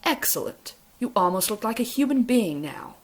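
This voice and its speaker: A fussy, preening man stylist, as a woman reader puts him on in a storybook reading. He drawls his words in an affected, self-satisfied way. The pitch sits noticeably above the reader's own. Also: sing-song, normal speed. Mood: haughty.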